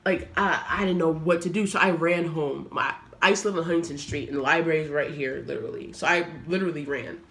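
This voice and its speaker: A young woman vlogger speaking earnestly to her camera, telling a personal story in a halting, reflective way. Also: sits low, fairly bright tone. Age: young adult.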